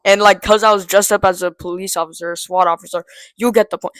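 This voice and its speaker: A man's voice: sits high, steady tone, quick pace, fairly bright tone, smooth, no echo. Rambling teenage boy vlogger. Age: teens. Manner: rambling, lots of um and like, laughs at himself. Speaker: vlogger telling a story. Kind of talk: casual storytelling to camera.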